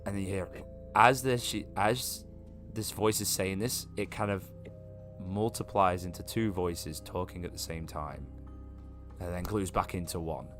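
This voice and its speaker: A man narrating a tabletop game as game master, describing scenes in a relaxed way with many fillers. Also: sits low, measured pace, soft background music.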